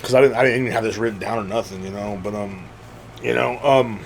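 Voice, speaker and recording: A man's voice: fairly low pitch, quick pace, vocal fry, slight background noise. A man in his thirties talking candidly in a rambling casual monologue as a podcast host, with many restarts, growing emphatic when he insists.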